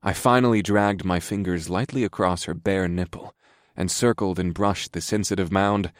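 A man narrating a story in the first person in a calm, steady, soft-spoken way. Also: low-pitched, normal speed, no echo, studio quality.

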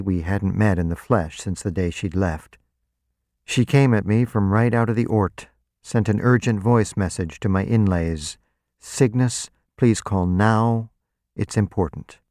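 A man narrates a novel in the first person, with a measured, even and dry delivery. His voice is very low. The recording is dry and close, with no room sound. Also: dry recording. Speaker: audiobook narrator.

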